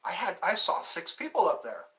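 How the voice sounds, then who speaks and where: A man's voice: high voice, wildly swooping pitch, normal speed, heavy background noise. A man hosting a casual live stream, chatting in a rambling, self-interrupting way. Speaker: livestream host.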